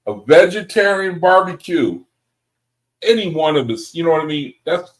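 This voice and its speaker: A man leading a Bible study group, reading scripture aloud and commenting on it in an excitable way, often laughing and calling the group brethren. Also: fairly high pitch, rough recording.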